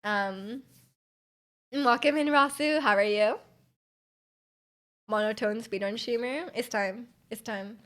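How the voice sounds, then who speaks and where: A woman chatting on a live stream in a voice sitting a little on the high side. She talks loudly and energetically, piling up fillers and reading chat aloud. Her volume rises and drops at random. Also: takes it slowly, long pauses. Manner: loud and energetic, volume jumps around.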